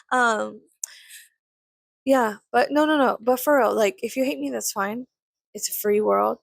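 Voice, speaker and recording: Tired, profane young woman with gravelly voice. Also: medium pitch, dry recording. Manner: profane, blunt, sarcastic, drops to muttering asides. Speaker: vlogger. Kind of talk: casual storytime rant.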